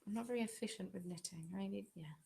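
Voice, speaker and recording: Quick-paced and creaky, her medium-pitched voice has a dark tone. The speaker is an English craft channel host holding an informal live-stream chat from home, replying to viewers in a chatty way that pokes fun at herself.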